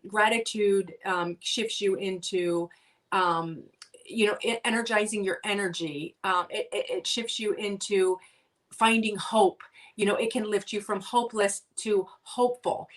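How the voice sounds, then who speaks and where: A woman's voice: medium pitch, unhurried. Earnest woman on a distant video call. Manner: earnest, many ums and restarts. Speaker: guest. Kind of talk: casual conversation.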